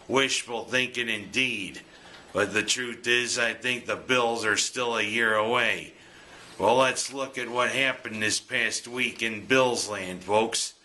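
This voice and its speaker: A man's voice: mid-range voice, bright, forceful tone. A man giving jokey, punning scripted sports commentary as host. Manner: jokey, punning, breaks into goofy singing.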